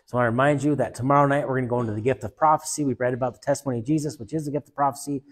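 A man's voice: medium pitch, steady tone, very fast. A man preaching a sermon, telling a story and leading a prayer in an earnest, repetitive way. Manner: earnest, repetitive, softening to hushed.

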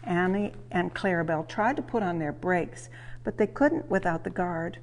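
A woman hosting and reading a children's train story aloud, in a warm, lively, expressive way. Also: lowish voice, normal speed. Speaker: storyteller, museum host. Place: railway museum.

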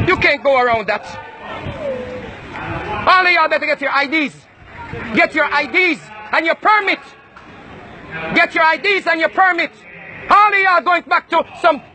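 A man from Jamaica, ranting and shouting confrontationally at people outdoors. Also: very high voice, a little hiss or hum.

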